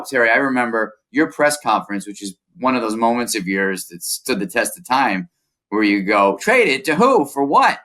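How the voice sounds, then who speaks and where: A man's voice: on the low side, pushed and bright. A man working as a baseball reporter, recounting events in a casual conversation with a lot of detail and frequent "uh"s.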